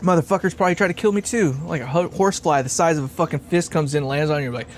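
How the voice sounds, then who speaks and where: A man's voice: a little high, fast, a little hiss or hum. A man hosting a casual livestream while building a guitar amp, rambling, laughing often and swearing freely.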